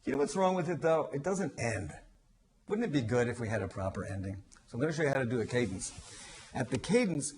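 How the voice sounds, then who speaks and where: A man's voice: medium pitch, expressive, fast, a little mellow. A man teaching musical improvisation, patiently explaining and demonstrating by singing syllables.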